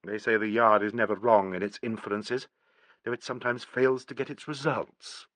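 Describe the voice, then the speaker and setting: A man voicing a weary, guarded young English gentleman in an audiobook, speaking in a measured, heavy way. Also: fairly low pitch, steady tone, no room sound, lightly acted. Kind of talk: audiobook character reading.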